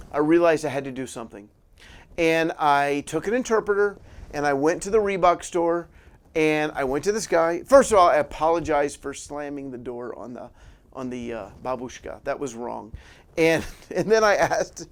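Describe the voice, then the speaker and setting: High-voiced man telling a sermon story. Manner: animated storyteller, laughs often, restarts phrases. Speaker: preacher.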